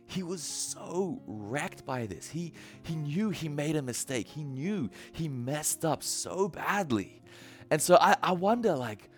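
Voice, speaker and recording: Lively, conversational male preacher. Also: medium pitch. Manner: conversational, acts out the characters' lines in the story. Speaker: pastor. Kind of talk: casual sermon.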